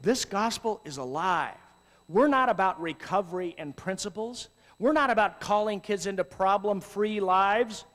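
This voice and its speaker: A man preaching to youth workers in an animated way, swinging from loud exclamations to low asides. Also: moderate pace, long reverb tail. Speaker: youth ministry speaker. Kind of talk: sermon.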